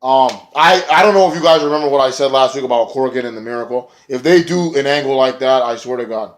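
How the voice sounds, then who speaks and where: A man rambling through a casual wrestling recap in a vlog, excitable and often swearing. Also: medium pitch, quick pace. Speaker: wrestling reviewer.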